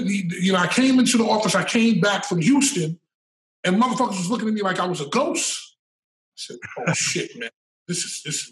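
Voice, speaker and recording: A middle-aged man with a high voice tells a story in a loose, animated way. He curses freely and repeats words as he builds toward the point. He is recorded from a distance, in a room with a lot of echo. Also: a little hiss or hum. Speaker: storyteller guest. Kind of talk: casual storytelling. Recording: roomy sound from a distant mic.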